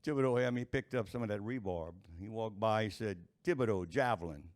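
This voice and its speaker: A man telling folksy jokes to a live audience, chuckling at his own punchlines in an unhurried drawl. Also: lowish voice. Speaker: stand-up storyteller.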